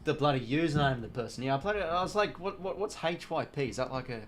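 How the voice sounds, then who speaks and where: An Australian man streaming a live football watch-along, calling the play casually, swearing often and shouting at the players. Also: fairly high pitch, animated, fast talker.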